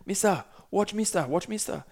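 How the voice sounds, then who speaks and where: A man doing a pack of giddy young boys calling out again and again. The voices jump far above a normal speaking pitch. They are loud, eager and repetitive. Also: expressive, moderate pace, vocal fry, exaggerated voice. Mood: excited. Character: excited young village boys, chanting.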